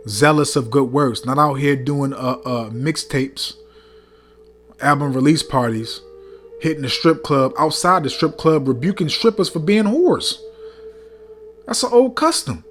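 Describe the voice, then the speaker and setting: A man's voice: a little high, animated, a little slow, fairly bright tone, soft background music. A man preaching a heated rebuke sermon, reading scripture between blunt, profane remarks, often stumbling over fillers and repeating "man".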